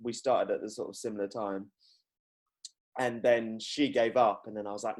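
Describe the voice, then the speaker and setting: A man's voice: lowish voice, fairly even intonation, normal speed. A young man, hosting a podcast in casual chat, rambling and laughing often as he acts out quotes. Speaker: podcast host.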